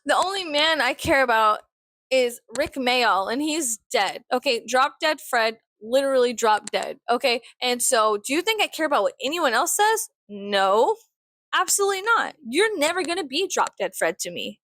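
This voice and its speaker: A woman in her thirties venting in a casual vlog, blunt, profane and sarcastic, swinging into sudden high laughs. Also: sing-song, moderate pace, fairly bright tone, no room sound. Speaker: vlogger.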